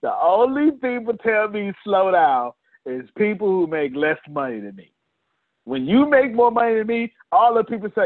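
Guy coaching a business class on a video call, kinda high voice, calls people out by name. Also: normal speed, no echo. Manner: animated, talks straight to attendees by name. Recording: tinny phone-like call audio.

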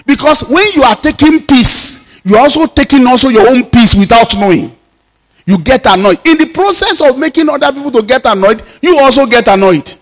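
A male pastor with a notably high-pitched voice delivers an emphatic sermon. He repeats key phrases for weight and acts out back-and-forth exchanges as he preaches. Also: expressive, fairly quick.

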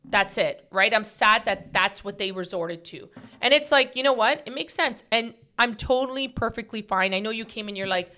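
A woman's voice: fairly high pitch, moderate pace, sharp tone. A woman hosting a podcast, talking earnestly in a casual heart-to-heart chat, full of "like" and "right?" fillers. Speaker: podcast host.

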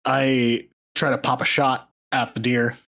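A man's voice: mid-range voice, level tone, a little slow, creaky, a bit bright. Playful male tabletop player. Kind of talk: casual tabletop play.

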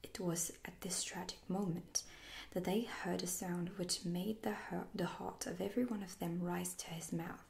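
A woman whispering a fairy tale aloud as a soft-spoken ASMR storyteller. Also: on the low side, steady tone, normal speed, creaky. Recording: roomy echo.

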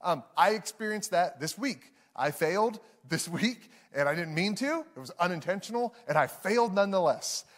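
Male pastor, thirties, chatty sermon, acts out voices, restarts a lot, slightly high voice. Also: animated, moderate pace, hardly any pauses. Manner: conversational storytelling with frequent restarts. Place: church hall with live audience.

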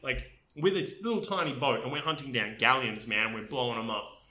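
A man's voice: mid-range voice, a little fast, sharp tone. A man co-hosting a casual chat about games, telling stories with enthusiasm and lots of fillers. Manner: enthusiastic, storytelling with many fillers. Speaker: podcast co-host. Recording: roomy echo.

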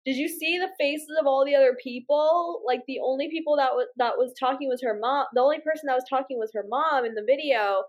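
Chatty young-sounding woman, slangy and quick. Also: sits high. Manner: animated, swearing, fast bursts of slang. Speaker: podcast co-host. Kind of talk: casual chat.

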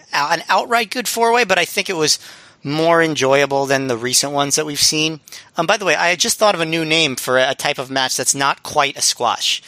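Guy co-hosting a podcast, bright tense voice, rambly with lots of ums. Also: fairly high pitch, no echo. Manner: rambling with many ums and restarts. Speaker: podcast co-host. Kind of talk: casual chat reviewing wrestling.

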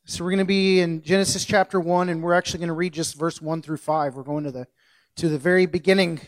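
A man with a fairly high voice preaches in a relaxed, conversational way. He jokes about his own mistakes and stops to correct himself, like he is talking to friends rather than a crowd. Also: fast. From central United States. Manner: jokey, self-correcting, loosely conversational. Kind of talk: casual sermon.

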